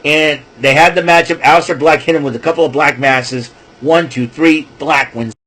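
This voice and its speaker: A man casually rambling through a wrestling show recap, excitable and correcting himself as he goes. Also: fairly high pitch, moderate pace, poor audio. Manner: excitable, self-correcting, chatty asides.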